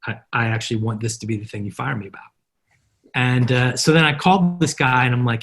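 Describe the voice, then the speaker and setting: A middle-aged man with a husky, slightly breathy voice, guesting on a podcast. He tells stories with energy and keeps acting out the dialogue from them. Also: medium pitch, quick pace. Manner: animated anecdotes, acting out quoted dialogue. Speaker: guest, marketer. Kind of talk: storytelling in a podcast interview.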